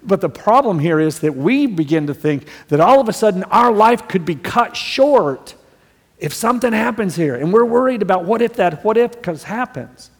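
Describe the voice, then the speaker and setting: A man's voice: high-pitched, animated, normal speed. Man preaching in an echoing hall. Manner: earnest, rising to emphatic stresses. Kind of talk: sermon.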